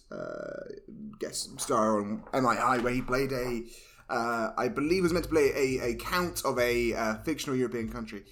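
A man's voice: fairly high pitch, a bit bright. A man co-hosting a casual podcast, making wry, teasing asides and telling stories. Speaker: podcast co-host. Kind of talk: casual chat.

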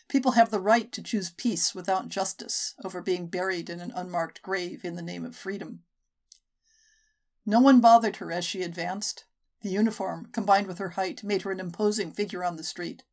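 A woman's voice: mid-range voice, a little mellow. Woman narrating a short story. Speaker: podcast narrator. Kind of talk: audiobook narration.

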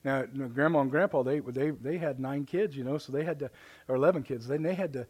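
A middle-aged man preaching a live church sermon in a folksy, halting way, with many restarts and repeated words. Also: medium pitch, darkish tone, husky. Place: church sanctuary.

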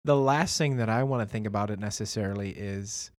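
A man's voice: fairly low pitch, a little fast, dry recording, clean studio sound. A young adult man co-hosting a casual podcast discussion, agreeable and chatty, with many fillers. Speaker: podcast co-host.

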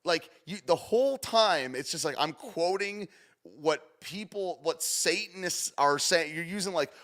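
A young man giving casual, rambling commentary as he reacts to a clip, swinging between loud and soft. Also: a little high, animated, unhurried. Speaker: streamer reacting to a news clip.

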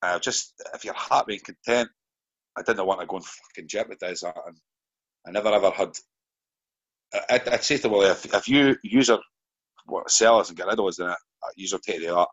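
Scottish man, very low voice, rambling and sweary, slightly muffled audio. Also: brisk, a bit bright. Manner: rambling, swears freely, restarts often. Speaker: former footballer guest. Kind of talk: casual storytelling in a podcast.

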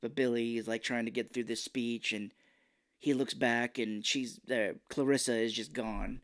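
A man co-hosting a film podcast in casual chat, retelling scenes with quick impressions. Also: mid-range voice, steady tone, a bit bright. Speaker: podcast co-host.

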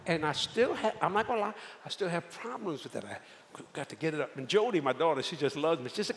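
An older man preaching a storytelling sermon, folksy and animated, acting out the voices of the people in his tales. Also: fairly high pitch, fairly quick. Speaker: evangelist. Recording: echoey hall with faint ambience.

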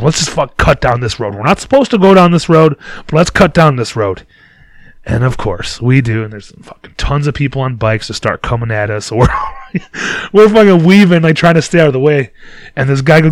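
A man's voice: medium pitch, dry recording. A young man telling a rambling, profane story about his day in a casual vlog monologue, often laughing at himself.

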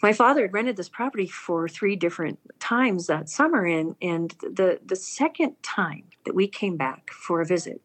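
A woman's voice: fairly low pitch, moderate pace, hardly any pauses. A woman earnestly telling a personal story aloud, acting out the people she quotes. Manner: earnest, animated, acts out quoted speech.

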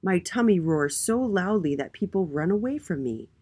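A woman's voice: lowish voice, expressive, normal speed, a little mellow, breathy edge, voice pushed up. A woman voicing Mister H, a sad, always-hungry letter in a children's storybook. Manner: sad and plaintive.

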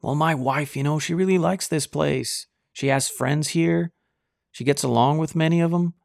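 A man's voice: on the high side, gravelly, no echo, studio quality, voice pushed up. A preacher doing a hesitant, apologetic man. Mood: sheepish. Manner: halting, apologetic, rambling. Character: hesitant henpecked man excusing himself.

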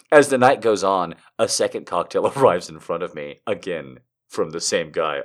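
A man's voice: deep voice, moderate pace, few pauses. A man reading an erotic story aloud for laughs, mock-dramatic, breaking off into swearing and laughing asides. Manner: mock-dramatic, swinging from whispers to shrieking, frequent laughter and swearing.

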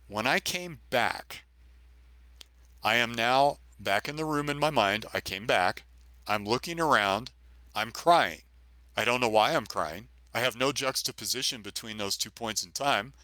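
A man's voice: fairly low pitch, sharp tone, no echo. A middle-aged man, a retired police officer, recounting his own experience as a podcast guest in earnest, vivid storytelling with emphatic repetition. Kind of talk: personal story in a podcast interview.

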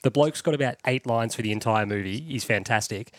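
A man's voice: mid-range voice, a little fast, no room sound, studio quality. A man co-hosting a casual podcast chat on a headset mic, rambling from one tangent to the next and laughing often. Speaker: podcast co-host.

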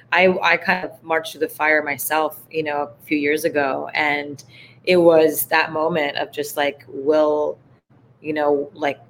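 A woman guest talks in a relaxed, searching way, her voice carrying a gravelly fry. She leans on "like" as she works through her thoughts. A faint hum sits behind her. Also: low voice. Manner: reflective, heartfelt, heavy use of "like". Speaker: podcast guest. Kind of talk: casual conversation.

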